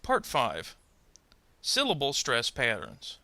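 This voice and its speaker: A man narrating a pronunciation lesson, speaking carefully and modelling example words slowly. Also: medium pitch, wildly swooping pitch, pushed and bright, no echo. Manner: slow, careful, modelling word stress. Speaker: ESL pronunciation teacher. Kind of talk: scripted instructional narration.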